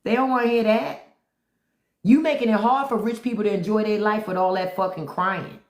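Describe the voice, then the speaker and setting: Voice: mid-range voice, fairly even intonation, brisk. Blunt, profane livestream host. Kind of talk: unscripted live-stream commentary. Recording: roomy echo.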